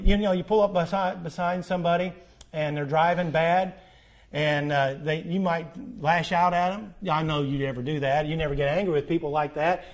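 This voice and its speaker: A middle-aged man preaching a sermon as pastor, building to emphatic peaks and asking the congregation repeated questions. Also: on the high side.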